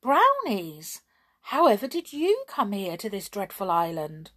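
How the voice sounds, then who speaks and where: A high, fluttering little mermaid girl, tearful and easily frightened, as a woman puts her on for a storybook reading. Her voice is breathy and soft, rising into lively, breathless exclamations. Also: a little slow, poor audio. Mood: alarmed.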